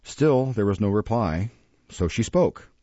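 Man reading an old novel out loud, mellow dark voice, dull muffled dry recording. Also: fairly low pitch, dry recording. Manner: measured, expressive reading. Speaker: audiobook narrator. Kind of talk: scripted storybook narration.

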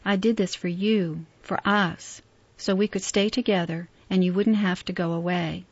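A woman's voice: on the low side, fairly even intonation, normal speed, husky, dry recording. A woman reading as an eager young male inventor. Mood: tender. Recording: dull, dry lo-fi recording.

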